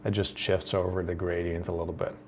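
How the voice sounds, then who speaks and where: A man's voice: deep voice, flat delivery, brisk, darkish tone, slight background noise. A man from the Netherlands hosting a coding tutorial, thinking aloud with many ums and restarts. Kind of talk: screen-recorded coding tutorial.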